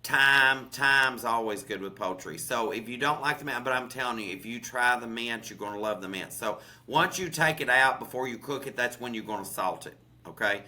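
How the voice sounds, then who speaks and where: A chatty Southern man with a bright, forceful voice, talking through recipes in a loose, folksy way. He keeps checking in with listeners with an "okay?" and calls them "honey". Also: mid-range voice, moderate pace, hardly any pauses. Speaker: chef and podcast co-host. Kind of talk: casual cooking chat.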